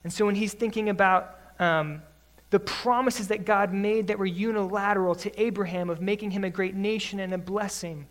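A man delivers an expository sermon. He reads scripture at a slow, measured pace, then shifts into conversational explanation. His emphasis rises earnestly on key points. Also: high-pitched, steady tone. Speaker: Bible teacher.

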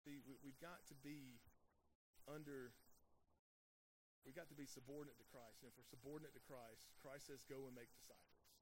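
A man's voice: medium pitch, fairly even intonation, normal speed, long pauses, a little hiss or hum. A man preaching a sermon in an earnest way, asking the congregation rhetorical questions and often restarting his phrases. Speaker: pastor.

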